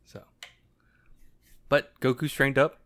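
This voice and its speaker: A young adult man co-hosting a podcast in casual chat, relaxed and filler-heavy, often quoting his own reactions. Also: mid-range voice, takes it slowly. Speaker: podcast co-host.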